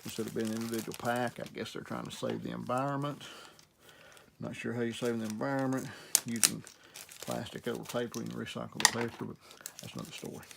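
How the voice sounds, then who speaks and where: Gravelly Southern man explaining guitar care. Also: mid-range voice, fast, background noise. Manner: relaxed, rambling, talks while working. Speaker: guitar repair instructor. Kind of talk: casual how-to demonstration.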